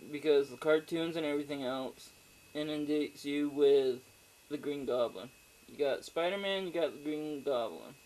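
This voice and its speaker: A man's voice: fairly high pitch, normal speed, a little mellow, poor audio. A man giving a casual, rambling spoken movie review, swearing freely and often trailing off into fillers and asides. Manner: rambling, profane, with frequent fillers and digressions.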